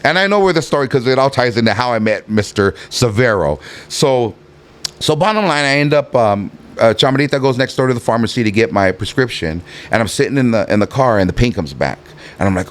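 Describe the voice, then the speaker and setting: Animated storytelling man, lively voice. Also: medium pitch, fairly quick. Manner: animated, swears freely, acts out voices in the story. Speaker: guest telling a story. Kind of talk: casual storytelling.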